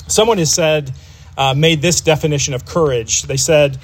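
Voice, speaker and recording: A man's voice: on the high side, steady tone, moderate pace. A man preaching a sermon to a congregation in a conversational way, with frequent fillers and restarts. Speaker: pastor.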